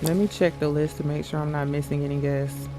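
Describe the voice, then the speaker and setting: A man's voice: a little high, little pitch movement, a little fast. A man giving casual, joking commentary as he plays a game. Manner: joking, chatty asides. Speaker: gaming channel host. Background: game music.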